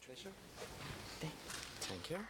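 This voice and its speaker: A man's voice: slow, heavy background noise. A man with a French accent, reading a prepared speech as a conference presenter, earnest and forthright with some hesitant fillers.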